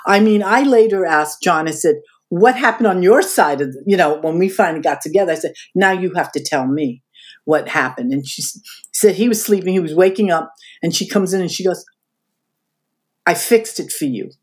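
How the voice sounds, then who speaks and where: A woman's voice: fairly low pitch, brisk. An older woman, a podcast guest, recounting past events in an interview and acting out the voices of people she quotes. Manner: animated, acts out quoted voices. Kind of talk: interview storytelling.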